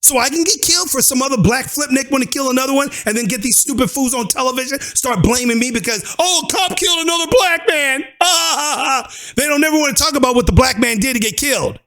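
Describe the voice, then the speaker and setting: Commentator, male, gravelly and high, preachy slang-heavy rant. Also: fast talker, hardly any pauses, fairly bright tone. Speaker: YouTube commentator. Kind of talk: ranting commentary.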